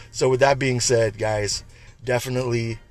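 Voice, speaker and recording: A man's voice: mid-range voice, fairly even intonation, measured pace, soft background music. Chatty man giving an uplifting talk. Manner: chatty, repeats words, laughs at own jokes. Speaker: podcast host. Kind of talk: casual uplifting monologue.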